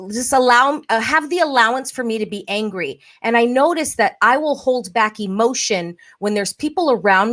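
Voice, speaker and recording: A woman hosting a podcast in a lively chat, acting out quoted voices as she talks. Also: on the high side. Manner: animated, acts out quoted voices. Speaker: podcast host. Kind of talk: casual podcast conversation.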